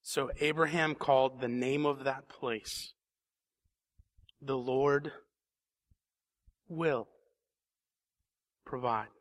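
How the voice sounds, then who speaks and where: A man's voice: mid-range voice, fairly even intonation, very slow, pauses often. A man preaching a sermon in a church, reading scripture and then building to emphatic questions. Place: church sanctuary.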